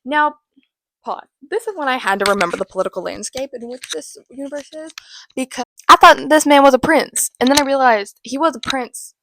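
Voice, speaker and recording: Chatty rambling woman host, high voice. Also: a bit bright, a little hiss or hum. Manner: rambling, chatty, self-mocking asides. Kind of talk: casual book recap chat.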